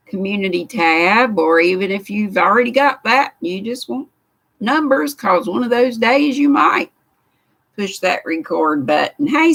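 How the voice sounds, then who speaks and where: Slow, gravelly older Southern woman. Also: mid-range voice, a bit bright. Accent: Southern American. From United States. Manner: chatty and homespun, greeting viewers by name. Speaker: livestream host. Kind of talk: casual live chat, reading viewer comments. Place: craft room indoors.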